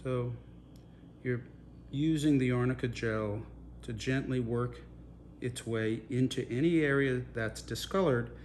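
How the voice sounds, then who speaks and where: A man, a facial plastic surgeon, calmly talking viewers through aftercare steps in a reassuring, instructive way. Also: mid-range voice, a little slow, a little hiss or hum. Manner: calm, reassuring, repeats gentle guidance. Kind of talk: instructional demonstration.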